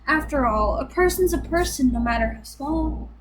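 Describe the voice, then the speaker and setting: A woman's voice: sits high, animated, moderate pace, noisy background. A woman voicing a kind, earnest male elephant who speaks in a pleading, sincere way.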